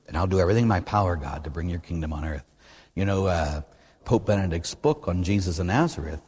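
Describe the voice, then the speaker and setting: Brief: male Catholic priest preaching in a church, lively delivery, reverberant room. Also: low voice, breathy edge. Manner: animated preaching, rising to near-shouting when stirred. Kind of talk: sermon.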